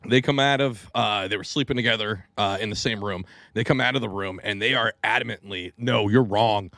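A man's voice: fairly low pitch, a little fast, gravelly, bright, forceful tone, no room sound. A man in his forties from the Pacific Northwest, hosting a casual podcast chat and telling stories with lots of swearing and jokes. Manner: profane, joking storyteller. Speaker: podcast host.

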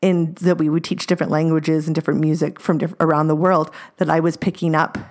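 Chatty woman from British Columbia, low voice. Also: little pitch movement, quick pace, darkish tone. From British Columbia, Canada. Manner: chatty, laughs often, many fillers. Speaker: podcast guest, former French immersion student. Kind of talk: casual chat.

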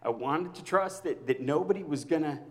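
A man preaching a personal sermon to his congregation as their pastor, swinging between loud outbursts and near-whispers. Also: on the high side, moderate pace, long reverb tail.

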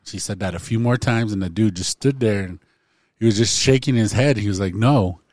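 A man hosting a casual podcast, telling a funny anecdote in an animated way. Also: on the low side, a little fast, dry recording, studio quality. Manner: animated storyteller, acts out voices in anecdotes. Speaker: podcast host.

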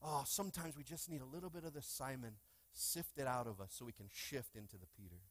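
A man preaching a lively sermon in a church, with call-and-response and playful asides to the congregation. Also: mid-range voice, brisk. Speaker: pastor. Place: church sanctuary.

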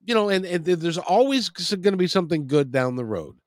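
Lively-voiced man interviewer, dry sound. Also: sits high, fairly quick, no room sound. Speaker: interviewer, host. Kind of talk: conversational interview.

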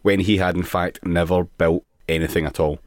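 A man hosting a podcast, presenting news stories with dry, deadpan humor. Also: deep voice, normal speed, no room sound. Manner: dry, deadpan, laughs often. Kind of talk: casual news banter.

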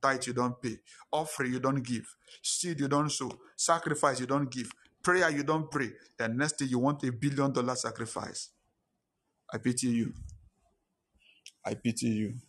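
A man preaching a sermon, emphatic and repetitive, dropping his voice low for dramatic points. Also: fairly even intonation, moderate pace, a bit bright. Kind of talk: sermon with storytelling.

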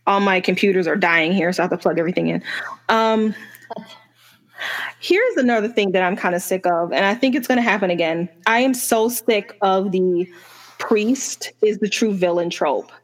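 A woman's voice: mid-range voice, moderate pace. A woman co-hosting a book podcast, chatting casually with exasperated rants and self-deprecating asides. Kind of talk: casual chat.

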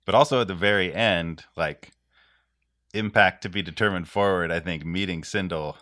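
A man's voice: low voice, normal speed, sharp tone. A man chatting casually and reflectively, laughing as he talks. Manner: reflective, laughs while talking. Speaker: podcast co-host and player. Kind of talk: casual chat.

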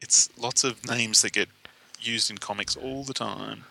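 A man recaps comic book stories for a podcast, chatty and wry. His voice is gravelly and sits a little low. It also has a very bright, crisp edge. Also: steady tone, unhurried, low-quality recording. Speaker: podcast co-host. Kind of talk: casual comic book discussion.

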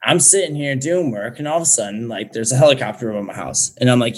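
Young man, guest on a casual chat show, profane, animated storyteller, average pitch. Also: fast.

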